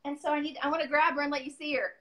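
A middle-aged woman, a furniture painter, speaking as a guest on a livestream; she talks loudly and rambles, poking fun at herself over a phone call. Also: sits high, fairly even intonation, rapid-fire. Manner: talkative, loud, self-deprecating, rambling. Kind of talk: casual livestream chat. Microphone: phone on a video call.

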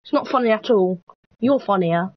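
A woman's voice: mid-range voice, expressive, moderate pace, no echo, muffled recording. A woman chatting casually while playing an online game with a friend, playful and teasing, laughing often. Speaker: gaming vlogger. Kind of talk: casual gaming chat.

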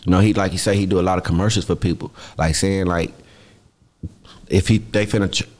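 A man's voice: sits low, steady tone, a little fast. A young man, a rapper, talking casually as a podcast guest, loose, slangy and profane.

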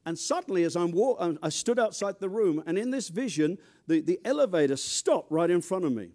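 An older man from near London preaching a sermon with an English accent, animated and humorous, dropping from loud emphasis to quiet asides. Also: sits high, fairly quick. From England. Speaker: pastor.

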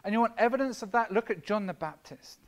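A man's voice: sits high, quick pace. A man preaching a conversational sermon as pastor, self-deprecating and full of asides to the congregation. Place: church.

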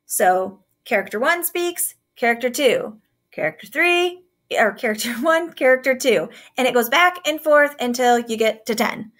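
A woman's voice: a little high, fairly bright tone. A woman teacher giving a recorded writing lesson, upbeat and instructive as she addresses students.

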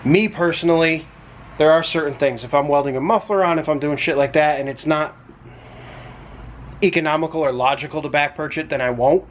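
A man showing his welding work in a relaxed, plain-spoken way, with casual swearing, recorded in his fabrication shop. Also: on the high side, brisk, slight background noise. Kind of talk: casual show-and-tell.

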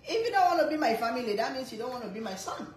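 A mother talks to her camera in a casual, animated way, half teasing and half lecturing, and she repeats herself often. Her voice sits fairly high. The room is echoey, with a faint hiss of noise behind her. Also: racing. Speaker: cooking vlogger and mother. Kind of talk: casual family chat to camera.

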